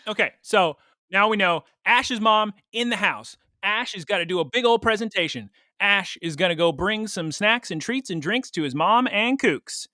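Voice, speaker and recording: A man's voice: high-pitched, pushed and bright, no room sound, studio quality. A man co-hosting a podcast in casual chat, playful and teasing. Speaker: podcast co-host.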